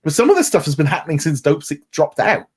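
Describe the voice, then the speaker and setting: A man's voice: on the high side, sing-song, quick pace, slightly rough. A man co-hosting a podcast, chatting casually and enthusiastically with many restarts and fillers. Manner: enthusiastic, rambling with frequent restarts. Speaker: podcast co-host.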